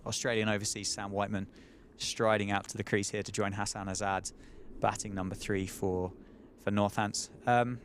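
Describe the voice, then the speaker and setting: Chatty play-by-play man for live cricket, lowish pitch, light hiss behind. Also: flat delivery, normal speed, few pauses. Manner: chatty, asks co-commentator questions. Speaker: play-by-play commentator.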